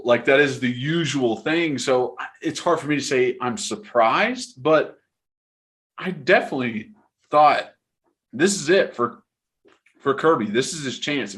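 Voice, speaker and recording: A man's voice: mid-range voice, fairly bright tone. A young man co-hosting a casual sports podcast, laid-back and teasing, giving candid opinions. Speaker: podcast co-host.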